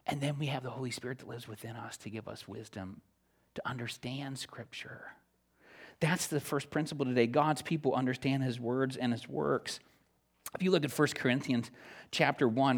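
A male pastor preaching a sermon, retelling scripture with lively swings from loud excitement to hushed, near-whispered appeals. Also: medium pitch.

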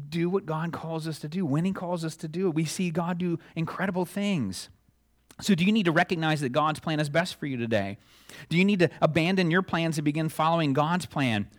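Chatty male pastor preaching, chuckling asides. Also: medium pitch. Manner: conversational, chuckling asides, acts out dialogue. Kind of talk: sermon.

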